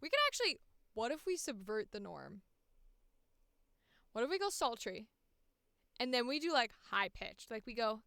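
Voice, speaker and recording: On a livestream, a voice actor from the Midwest chats candidly and with plenty of profanity, often mocking herself. Her voice sits on the high side, smooth and a bit bright, at a normal speed, captured close on a studio mic with no room sound.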